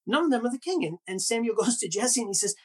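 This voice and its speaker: Man preaching, husky voice, very lively pitch, animated storytelling, rhetorical questions. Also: quick pace. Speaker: pastor. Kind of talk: sermon.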